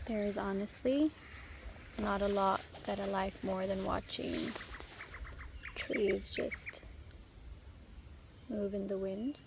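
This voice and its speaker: A young woman in a sunny park, talking softly and gushing about nature to a hand-held phone camera. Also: mid-range voice, steady tone, slow, creaky, pauses often. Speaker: vlogger. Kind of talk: casual vlog to camera. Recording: faint outdoor noise. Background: birds and outdoor ambience.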